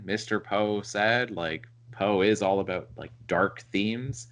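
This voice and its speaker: A man with a fairly low voice muses through his ideas in a relaxed book discussion. He thinks aloud and leans often on "like" and "you know". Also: slow pace. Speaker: podcast co-host.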